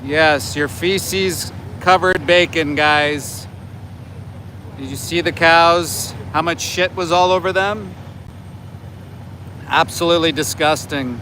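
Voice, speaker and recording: Livestreaming from his phone outdoors near a slaughterhouse by homes, a man in his forties chats with viewers over faint street and traffic noise. As an activist, he speaks unhurriedly in a high, bright voice with fairly even intonation, needling his audience with sarcasm and scolding.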